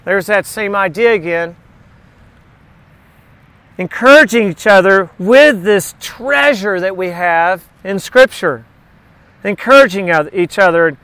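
A man's voice: sits high, fairly bright tone, clear, resonant tone, no echo. A middle-aged man leading a Bible study in an informal sermon, talking conversationally, repeating key words and slipping in jokes.

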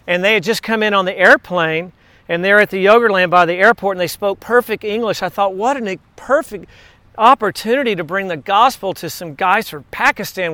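A man's voice: sits high, pushed and bright, dry recording. A man preaching a sermon in a conversational way, telling stories and asking rhetorical questions. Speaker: pastor.

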